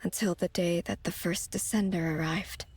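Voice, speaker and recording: A woman voicing an ancient, calm moon goddess in a game cutscene, recounting in a measured, solemn way. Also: lowish voice, soft background music, lightly acted.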